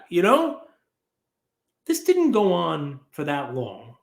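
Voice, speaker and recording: Animated high-voiced man in an echoey room. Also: slow, creaky. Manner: animated, acts out quoted people. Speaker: podcast host. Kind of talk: casual storytelling.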